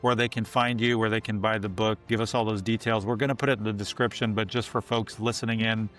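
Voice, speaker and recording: A man hosting a podcast who wraps up an interview in a relaxed, friendly way. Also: on the low side, fast talker, soft background music. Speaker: podcast host. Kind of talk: casual interview wrap-up.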